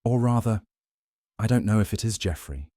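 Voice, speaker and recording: A man voicing a weary, uncertain young woman who speaks softly and hesitantly. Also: fairly low pitch, lively intonation, moderate pace, dry recording, studio quality, voice pushed up, close to an everyday voice. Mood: uneasy. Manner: soft, hesitant.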